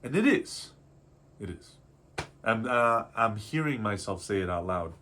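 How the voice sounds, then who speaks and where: A man in his twenties, an artist vlogger, speaks candidly in a confessional vlog, rambling, doubting himself, and swearing casually as he sorts through his feelings. His voice is on the low side, bright and forceful, with lively intonation and a slightly slow pace. Faint background noise is audible.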